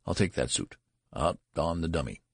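A man's voice: a bass voice, expressive, normal speed, breathy edge, no room sound, studio quality, heavily acted. A man doing a flustered, stammering new father. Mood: nervous. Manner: nervous, stammering. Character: flustered, embarrassed new father, nervous and curt.

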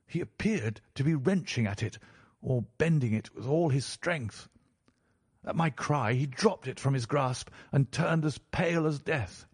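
A man narrating a story in a measured, formal way, as an audiobook reader. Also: mid-range voice, husky, dry recording, clean studio sound. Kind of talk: scripted narration.

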